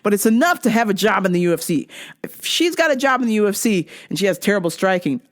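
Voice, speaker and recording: A woman's voice: mid-range voice, fast talker. A woman hosting a show in a casual comedic monologue, profane and often laughing. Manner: animated, profane, laughing a lot. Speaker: show host.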